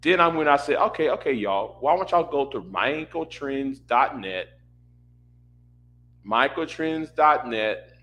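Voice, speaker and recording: A man's voice: mid-range voice, animated, a little slow, sharp tone. A man in a casual rant, exasperated and repetitive, stumbling over restarts. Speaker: commentator reacting to a panel stream.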